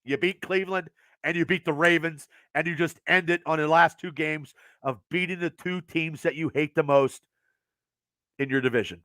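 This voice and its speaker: A high-pitched, bright-voiced man tears through an excited sports rant on his podcast, profane and rambling. His delivery lurches from shouted peaks to muttered lows, and his voice is wearing thin. The sound is smooth and dry, close to the mic. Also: moderate pace, no echo. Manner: passionate, profane, rambling, swings loud and quiet. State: losing his voice. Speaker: podcast host.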